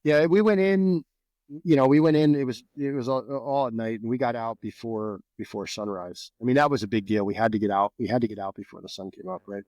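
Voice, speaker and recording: Middle-aged guest from New Jersey, swears freely, animated storyteller, dry close sound. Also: male voice, mid-range voice, fairly quick, no echo. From New Jersey, USA. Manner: profane, animated, repeats words. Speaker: guest, Green Beret veteran. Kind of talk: casual storytelling.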